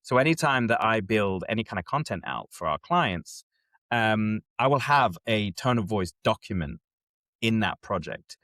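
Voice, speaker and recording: Lively low-voiced man explaining casually. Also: moderate pace, no room sound. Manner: animated, keeps checking in with listener. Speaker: host.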